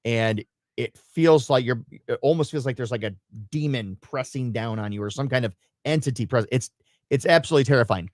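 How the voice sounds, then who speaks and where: A man's voice: mid-range voice, a little fast, dry recording. Guy on a radio live stream, storytelling, acts stuff out, dry studio sound. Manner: animated storytelling, acts out his own screams and quotes. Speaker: radio show co-host. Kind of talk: casual live-stream chat.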